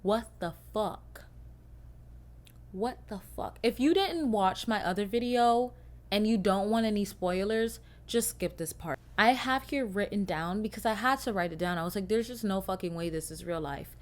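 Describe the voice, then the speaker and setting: A young woman hosting a casual solo podcast, swearing freely and swinging from loud rants to quiet mumbles. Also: medium pitch, expressive, moderate pace. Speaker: podcast host.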